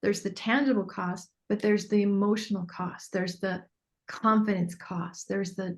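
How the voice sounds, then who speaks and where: A woman, a business mentor coaching a group on a call, earnest and animated, acting out bits of dialogue. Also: medium pitch, measured pace.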